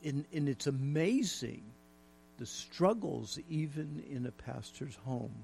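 A man's voice: a little high, lively intonation, slow pace, creaky, a little mellow, slight background noise. A middle-aged man preaching a folksy, emphatic sermon with jokes and repetition. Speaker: pastor.

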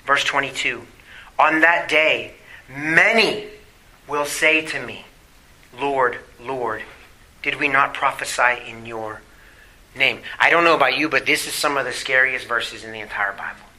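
A male pastor delivering a sermon, reading scripture aloud and asking the congregation rhetorical questions, swinging from emphatic to hushed. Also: mid-range voice, moderate pace, poor audio. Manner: emphatic preaching with rhetorical questions, drops to quiet asides.

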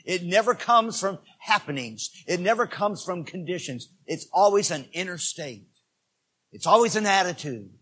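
A male pastor preaching a sermon, addressing his congregation directly and moving between loud exhortation and quieter asides. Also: high-pitched, animated, moderate pace, slightly rough.

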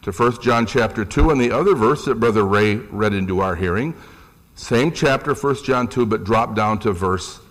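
A middle-aged man preaching a sermon, animated, rising in pitch for emphasis and asking the congregation questions. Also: normal speed.

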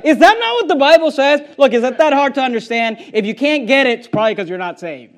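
A man's voice: extremely high pitch, expressive, quick pace, hardly any pauses. A man preaching a sermon as pastor, emphatic and confrontational, hammering home repeated phrases.

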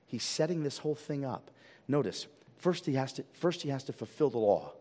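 A male pastor preaching a sermon, emphatic, with frequent repeated words and stretches that drop to a soft, intimate tone. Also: mid-range voice, animated, brisk. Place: church sanctuary. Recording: long hall reverb.

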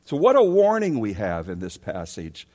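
A man's voice: on the low side, wildly swooping pitch, normal speed, a little mellow. Man preaching in an echoing hall. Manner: emphatic, rising to raised pleading questions. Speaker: pastor. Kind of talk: sermon. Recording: long hall reverb.

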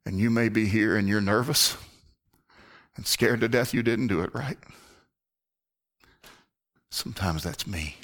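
Low-voiced earnest male preacher. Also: a little slow, pauses often. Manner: earnest, drops to a hushed near-whisper for emphasis. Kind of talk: sermon.

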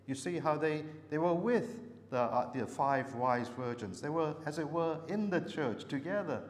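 A man preaching a sermon, earnestly asking searching questions and often pausing with hesitations. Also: on the high side, animated. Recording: long reverb with faint background noise.

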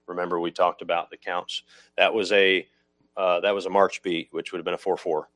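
Casting: lower-voiced male preacher, teaching sermon, patient and explanatory, self-correcting. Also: little pitch movement, a little fast, fairly bright tone. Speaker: pastor.

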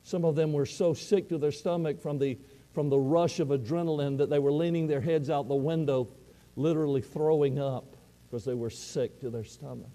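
A man's voice: fairly high pitch, steady tone, normal speed, long reverb tail. A man preaching a sermon, telling a story with emphatic repetitions and restarts. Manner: emphatic, repetitive, dropping to hushed close.

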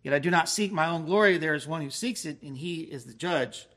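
Preacher: man, somewhat high voice, emphatic, slows on key words. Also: fairly bright tone. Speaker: pastor. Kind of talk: expository sermon.

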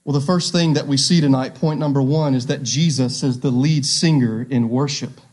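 A man's voice: medium pitch, steady tone, moderate pace, a little mellow. A man preaching a sermon, emphatic and repeating his key phrases, reading scripture aloud with drama.

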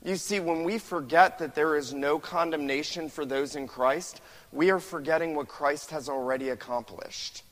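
A man preaching a sermon as pastor, impassioned, slowing down for quoted verses and building in volume. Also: fairly high pitch, fairly bright tone, long reverb tail, poor audio. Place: church sanctuary.

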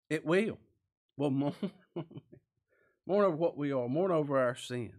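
A man's voice: on the high side, normal speed, pauses often, a little mellow. A man preaching a sermon, earnest and emphatic, with many rhetorical questions.

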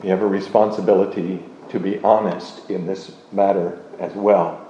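A man giving a measured, deliberate doctrinal lesson, pausing on fillers as he teaches. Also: low-pitched, little pitch movement, a little hiss or hum. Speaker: teacher of a confession. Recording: roomy, dull lo-fi recording.

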